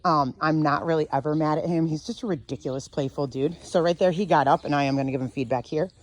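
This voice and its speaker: A woman dog trainer teaching outdoors, calm and sure as she explains leash handling. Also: low-pitched, fast. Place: outdoors near a fenced dog area.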